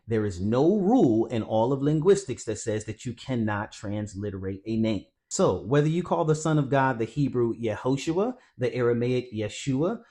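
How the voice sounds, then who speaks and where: A man's voice: mid-range voice, darkish tone. A man giving a scripted Bible teaching narration, explaining carefully and calling his viewers family. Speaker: Christian teacher.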